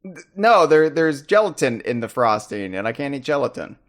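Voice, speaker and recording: A man hosting a casual podcast, talking fast with loud, animated bursts. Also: mid-range voice. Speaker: podcast host.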